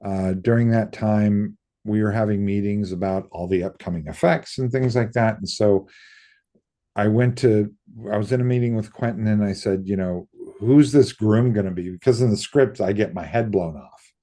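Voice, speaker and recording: Low, mellow-voiced man telling stories. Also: normal speed. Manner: lively storyteller who acts out quoted voices, casual swearing. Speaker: interview guest, makeup effects artist. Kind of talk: casual anecdotal interview storytelling.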